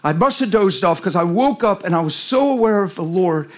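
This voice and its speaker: A man, preaching as a guest speaker in a folksy storytelling way that rises to shouted emphasis. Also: high-pitched, animated, brisk. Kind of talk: sermon.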